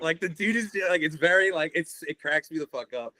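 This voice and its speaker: A man's voice: a little high, expressive, brisk, few pauses, a bit bright, dry recording. A young man, a guest on a podcast, talking in a rambling, laid-back way and swearing often. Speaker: guest, shirt artist. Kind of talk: casual podcast conversation.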